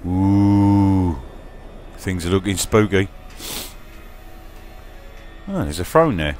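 A man's voice: low voice, expressive, slow pace, darkish tone, soft background music. Crude jokey London man. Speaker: gamer. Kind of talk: casual gameplay commentary.

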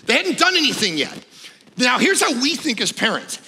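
Animated, gravelly-voiced preacher in a hall. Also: male voice, moderate pace. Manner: animated storytelling, shouting in excitement then dropping low. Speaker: pastor. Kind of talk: sermon.

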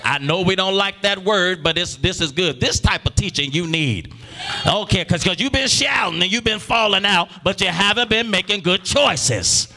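A man preaching a sermon as pastor in a church, calling on the congregation to answer back and rising into shouts. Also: sits high, moderate pace. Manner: preaching with call-and-response, bursts into shouting. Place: church sanctuary.

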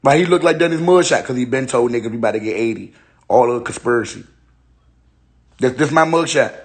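A man's voice: medium pitch, fast. A young man on a phone livestream, joking in an exaggerated, repetitive rant and laughing between lines. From Ohio. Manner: laughing, exaggerated mock despair, repeats lines. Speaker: internet personality. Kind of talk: joking live-stream rant.

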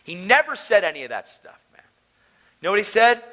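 Bright-voiced preacher telling his story. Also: sits high, a little fast. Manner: animated storytelling, slangy with "man" and "dude". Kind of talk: conference sermon testimony. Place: conference hall.

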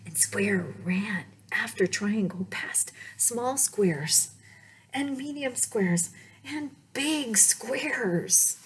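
Slow, playful woman reading aloud. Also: medium pitch, lively intonation, slight background noise. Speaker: children's librarian reading aloud. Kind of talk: storytime read-aloud.

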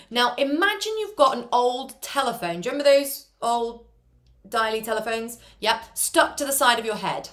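A woman's voice: a little high, expressive, moderate pace, fairly bright tone. A woman leading an online singing class from home over a video call, chatty and encouraging. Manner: encouraging, chatty, demonstrates sounds. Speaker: choir singing teacher. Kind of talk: online vocal warm-up lesson.

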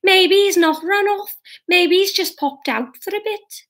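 Woman doing a squeaky, nervous mother. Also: measured pace, fairly bright tone. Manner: nervous and flippant. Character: nervous, flippant middle-aged mother.

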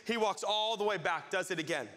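A man preaching a sermon as pastor, telling a story with lively acted-out crowd voices. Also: sits high, brisk, big-room sound.

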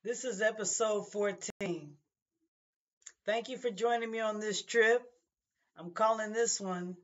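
A woman's voice: mid-range voice, a little slow, long pauses, dull audio. A woman who drives a bus, telling a casual story with many restarts and asides. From Portland, Oregon, US.

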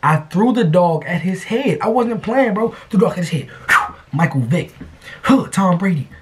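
A young man vlogging, telling a story in a casual, animated, slangy way full of repetition. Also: high voice, normal speed, noisy background.

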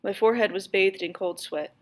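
Teacher reads a book aloud for her class, woman, mid-pitched voice, acts out quoted lines. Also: brisk. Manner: reads dialogue louder and higher. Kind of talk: audiobook reading for students.

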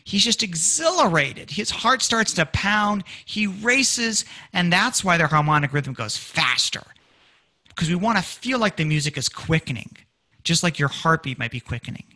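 An energetic man lectures on music before an audience and acts out lyrics in dramatic voices. His voice sits fairly high and swings widely in pitch. The tone is bright and forward. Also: moderate pace. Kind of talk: public lecture. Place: community presentation room.

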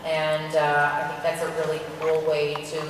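Woman panelist, low voice, distant mic in an echoey hall with crowd noise. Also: monotone. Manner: candid, salty humor, halting fillers. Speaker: panelist actor. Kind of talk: convention panel talk. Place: large convention hall.

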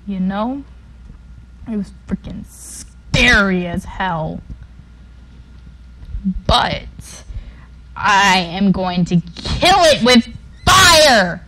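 Girl playing a game and chatting, talks slow, goofy, yells sometimes then mutters. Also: mid-range voice, lively intonation, rough recording. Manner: playful, jumps between loud outbursts and mumbled asides. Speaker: gaming YouTuber. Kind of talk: casual let's-play commentary.

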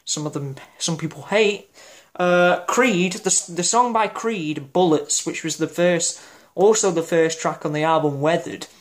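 A man's voice: a little high, a little slow. A man giving a casual album review vlog, enthusiastic and rambling, with lots of fillers and restarts. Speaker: music reviewer.

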